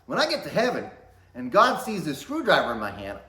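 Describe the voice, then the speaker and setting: Animated man in his forties telling stories. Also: fairly quick. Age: 40s. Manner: animated, swings loud and high when excited. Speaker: vlogger. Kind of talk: casual storytelling. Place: workshop. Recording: echoey workshop room.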